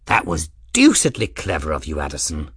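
A man voicing an eccentric, excitable old male scholar in an audiobook, in a high, thin, scattered voice. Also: fairly quick, slightly rough, no echo, clean studio sound, heavily acted. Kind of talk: audiobook character voice.

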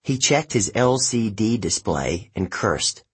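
Male narrator for an audiobook, low husky voice, measured delivery. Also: animated.

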